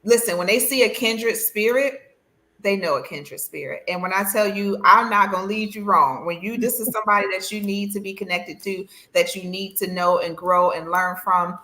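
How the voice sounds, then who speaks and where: A woman's voice: medium pitch, normal speed, pushed and bright. A woman with a New York accent hosting a livestream interview, effusive and encouraging as she thanks her guest. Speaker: host.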